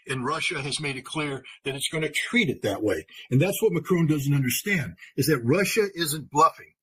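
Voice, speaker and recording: Emphatic husky American man. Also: on the high side, rough recording. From United States. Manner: emphatic, forceful argument. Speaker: guest analyst. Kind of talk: interview commentary.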